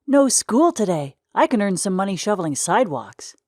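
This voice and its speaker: A woman voicing an eager, earnest young boy who shouts with excitement. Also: mid-range voice, normal speed, no echo, clean studio sound, voice pushed up, lightly acted. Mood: excited.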